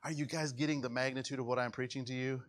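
A man preaching a sermon as pastor, swinging dramatically between loud high outbursts and hushed low passages, acting out quoted voices. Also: fairly even intonation, fast.

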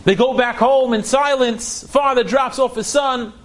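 A man's voice: very high-pitched, steady tone, measured pace. A man telling an inspirational story dramatically, acting out the dialogue and repeating phrases for effect.

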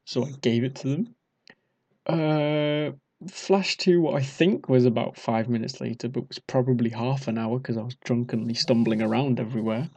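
A man's voice: mid-range voice, fairly even intonation, normal speed, a little mellow. Rambling young man telling a story. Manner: rambling, self-mocking, acts out drunk quotes. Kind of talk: casual storytelling.

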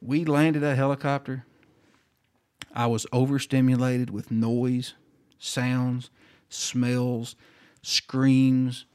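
Man, flight nurse guest on a podcast, animated storyteller who acts out every voice. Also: medium pitch, very slow, pauses often, clean tone. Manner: animated storyteller acting out dialogue.

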